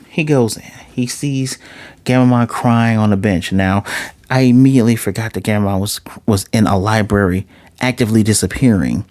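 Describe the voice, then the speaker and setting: Excitable man recapping an episode. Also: fairly low pitch, moderate pace, dry recording, studio quality. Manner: excitable, acts out characters' lines in shifting voices. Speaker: anime reviewer. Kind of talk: casual episode recap and review.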